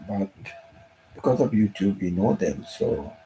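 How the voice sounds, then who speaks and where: A man hosting a live stream from home, talking softly and emotionally, often repeating his words. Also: deep voice, animated, unhurried, slight background noise, poor audio. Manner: soft-spoken, repeats himself, emotional. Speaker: channel host.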